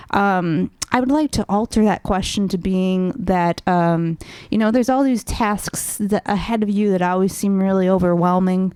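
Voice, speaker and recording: A woman radio host answering questions in casual chat, animated and rambling with ums. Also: medium pitch, clear, resonant tone, no echo.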